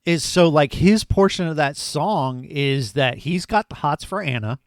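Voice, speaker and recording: A man's voice: fairly high pitch, animated, a little slow, no echo, studio quality. A man co-hosting a podcast, chatting eagerly about a film and rambling with fillers. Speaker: podcast co-host. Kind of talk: casual movie review chat.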